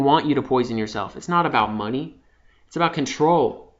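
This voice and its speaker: A young man giving an impassioned, profane spiritual monologue, dropping from hushed to loud. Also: mid-range voice, animated, a little fast. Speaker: vlogger. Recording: slightly dull lo-fi sound.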